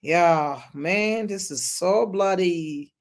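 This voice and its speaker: A live-stream host reacting to news and reading out viewer chat, halting with many restarts and sudden loud exclamations. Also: medium pitch, expressive.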